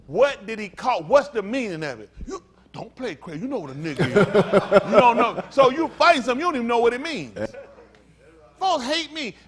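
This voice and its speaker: Preaching a teaching sermon, this high-voiced male pastor moves along briskly while a crowd can be heard behind him. His delivery is energetic, with acted-out voices for quoted figures and stumbles whenever he reads a passage.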